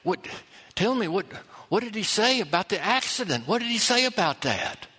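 A man voicing a middle-aged father who gently presses his son with questions in a raised voice. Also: sits high, big pitch swings, moderate pace, breathy edge, voice pushed up, heavily acted. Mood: prodding. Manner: coaxing, questioning.

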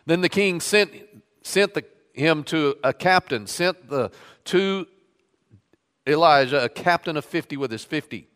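A man's voice: on the high side, lively intonation, a little slow, a bit bright, clean tone. Man preaching in an echoing hall. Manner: reads scripture aloud with rising emphasis on quoted lines. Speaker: pastor. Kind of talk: sermon with scripture reading. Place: church sanctuary.

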